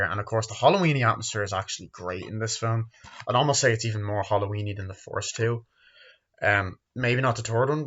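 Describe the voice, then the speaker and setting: A man's voice: lowish voice, sharp tone, highs cut off. A man giving a casual spoken movie review, rambling and swearing freely. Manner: rambling, profane, acts out scenes in quick put-on voices.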